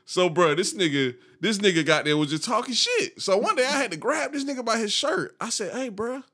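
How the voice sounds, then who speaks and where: A man's voice: sits high, very animated, a little fast, pushed and bright. A man in his thirties telling a long, profane story in casual chat, laughing and acting out the people in it.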